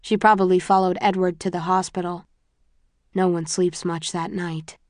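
Woman reading an audiobook, lowish voice, calm and inward, dry close sound. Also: normal speed, dry recording. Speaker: audiobook narrator. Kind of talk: first-person novel narration.

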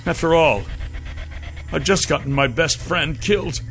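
A man narrating a first-person fantasy audiobook with a dramatic, expressive reading. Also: a little high, measured pace, creaky, slight background noise.

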